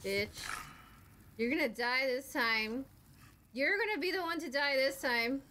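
A young woman streaming a game live, chatting with viewers, swearing and shouting at enemies. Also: high voice, a little slow, noisy background. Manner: excitable, swears and screams at enemies. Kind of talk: live gameplay commentary.

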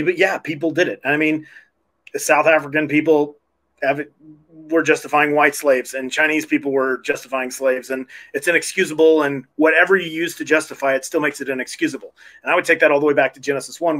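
A man's voice: on the high side, fairly bright tone. A man defending his faith in an online debate, earnest and plain-spoken with some restarts. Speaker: Christian podcast host.

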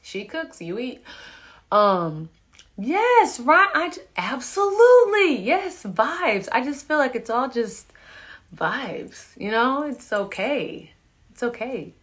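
Slow-talking woman chatting on a live stream. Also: high voice. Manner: relaxed, chatty, laughing asides. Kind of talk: casual chat reading viewer comments. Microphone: phone camera.

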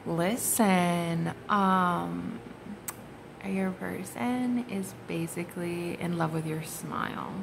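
A woman's voice: on the low side, slow, creaky, background noise. A woman giving a casual, gushing tarot reading to her viewers, exclaiming and swearing freely as she turns the cards. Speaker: tarot card reader.

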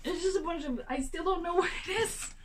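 Chatty high-voiced young woman unboxing. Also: fairly quick, noisy background. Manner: chatty and excitable, gasping and exclaiming, many fillers. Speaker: vlogger. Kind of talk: casual unboxing vlog. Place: her apartment.

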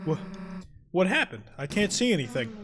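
A young man giving casual, excitable let's play commentary, swearing often. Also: a little high, moderate pace, very noisy. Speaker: streamer.

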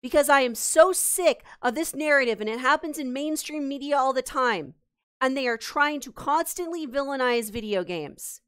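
A woman's voice: high-pitched, lively intonation, moderate pace, fairly bright tone. A woman streamer venting angrily and profanely to her live chat, exasperated and swearing. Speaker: streamer host. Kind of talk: heated live-stream rant.

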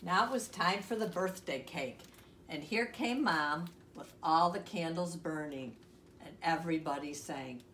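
A woman reading a children's picture book aloud with expressive voices and chatty asides to the listener. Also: deep voice, measured pace, far from the mic. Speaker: storyteller. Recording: echoey room, off-mic, faint hiss.

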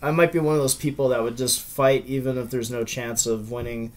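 A man's voice: mid-range voice, steady tone, fairly quick, a little mellow. Musing man thinking aloud. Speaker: podcast co-host. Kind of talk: casual group chat.

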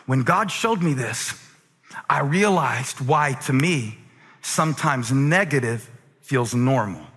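A man preaching a sermon as a pastor, moving from quiet, conversational stretches to shouted, near-sung climaxes. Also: mid-range voice, expressive, slow, husky. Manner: preaching with swings from quiet talk to shouted crescendos. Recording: long reverb of a large hall.

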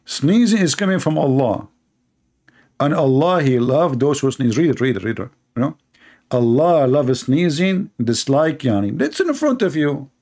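A man's voice: fairly high pitch, big pitch swings, moderate pace, darkish tone. A man with an Arabic accent and Arabic as his first language, delivering a sarcastic, mocking monologue as a commentator, in broken grammar with repeated words. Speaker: Christian apologist commentator.

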